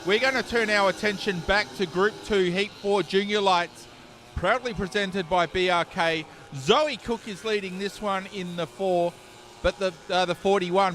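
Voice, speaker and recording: A man commentating a kart race with a high, bright voice and a punchy, dramatic delivery. Faint track noise hums in the background of the outdoor broadcast. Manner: emphatic, dramatic play-by-play. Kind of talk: live motorsport commentary.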